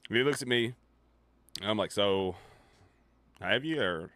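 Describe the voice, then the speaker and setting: A young man streaming live, telling a story casually and profanely, dropping his voice low and quiet for suspense. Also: animated, measured pace, no echo. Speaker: livestreamer.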